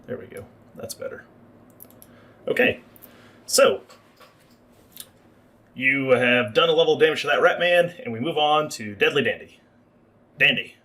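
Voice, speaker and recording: A man's voice: medium pitch, lively intonation, a little slow, pauses often, sharp tone. A man narrating as game master for a livestreamed tabletop game, explaining the rules at length.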